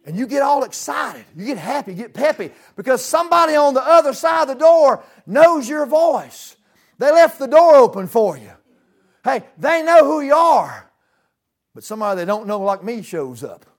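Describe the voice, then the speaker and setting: A man preaching a sermon in a church, folksy, with dramatic swings from loud to hushed. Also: extremely high pitch, sing-song, normal speed.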